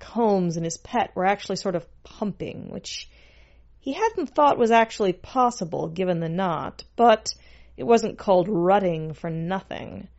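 A woman reads a story aloud in a dry, sardonic manner. She takes it very slowly, at a mid pitch, and the recording sounds dull and lo-fi. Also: a little mellow. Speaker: narrator. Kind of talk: scripted story narration.

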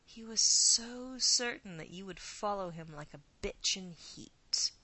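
A woman's voice: mid-range voice, lively intonation, takes it slowly, bright, forceful tone, no room sound, full character voice, rough recording. A woman voicing an ancient predatory female creature who poses as a countess, with a purring, seductive, coaxing manner.

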